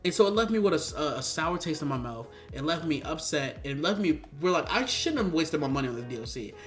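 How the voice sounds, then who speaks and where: A man's voice: on the high side, very animated, fast, a bit bright, soft background music. A young man giving a casual, frustrated spoken game review, ranting with lots of fillers and restarts.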